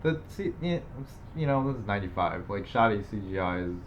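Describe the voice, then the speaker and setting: A man's voice: lowish voice, animated, fairly quick, highs cut off, a little hiss or hum. A young man co-hosting a podcast in casual chat, rambling with lots of fillers and self-deprecating asides. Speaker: podcast co-host.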